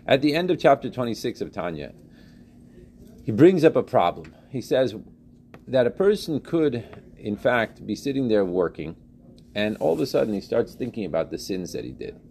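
A man teaching a religious text class, animated, questioning students and repeating phrases as he explains. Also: mid-range voice, normal speed, slight background noise. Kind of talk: interactive class lecture.

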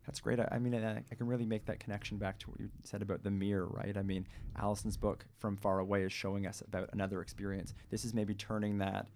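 Gravelly, hesitant male radio co-host. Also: lowish voice, flat delivery, quick pace, few pauses, a little mellow, slight background noise. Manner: hesitant, many fillers and restarts. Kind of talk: casual chat and reading aloud.

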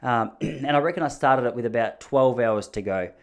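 A man's voice: mid-range voice, normal speed. A man in his thirties telling rambling, joking stories in a casual monologue, often mocking himself.

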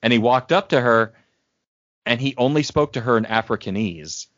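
A man's voice: medium pitch, normal speed, a bit bright, dry recording. A man co-hosting a podcast, telling rambling stories with many fillers in casual chat. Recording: dry, dull lo-fi sound.

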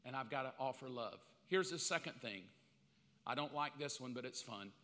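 A man preaching a sermon with comic asides, bursting into loud acted-out calls now and then. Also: medium pitch, normal speed. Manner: comic, animated, acts out quotes in loud bursts. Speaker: pastor. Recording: long hall reverb.

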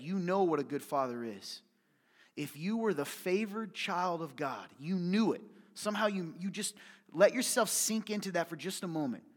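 A man preaching a sermon as pastor, passionate, dropping to hushed near-whispers and then rising to loud, urgent appeals. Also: a little high. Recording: reverberant hall.

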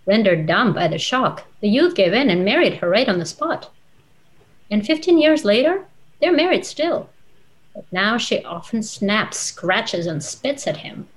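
A thoughtful woman author from Russia, a native Russian speaker, speaks at a medium pitch on a low-quality recording. Appearing as a guest, she talks in a measured way with frequent "uh" and "um," mixing conversational interview with reading aloud from her novel.

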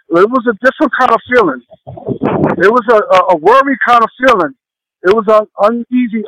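A man sharing a heartfelt personal testimony, speaking haltingly with many pauses and fillers. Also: high-pitched, fairly bright tone, dry recording, rough recording. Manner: earnest and heartfelt.

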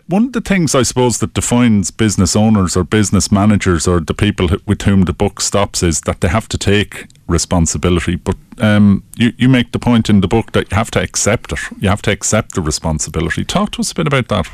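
A man's voice: fairly low pitch, animated, brisk, few pauses, no echo. A man hosting a radio interview, chatty and joking as he puts open questions to his guest. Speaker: radio host.

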